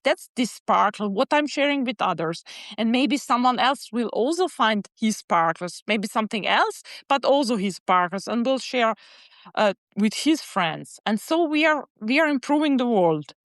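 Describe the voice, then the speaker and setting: A woman's voice: a little high, animated, normal speed, a bit bright, dry recording. Woman, dry sound. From Serbia. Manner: hesitant non-native phrasing, many fillers. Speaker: guest, animal psychologist. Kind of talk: casual interview chat.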